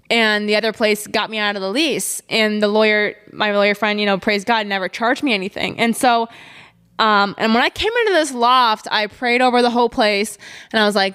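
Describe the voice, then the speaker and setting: A woman's voice: fairly high pitch, fairly quick, fairly bright tone, clear, resonant tone. A young woman hosting a solo podcast, talking casually and chattily with lots of fillers and trailing "blah, blah.". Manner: chatty, filler-heavy, says blah blah often. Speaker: podcast host.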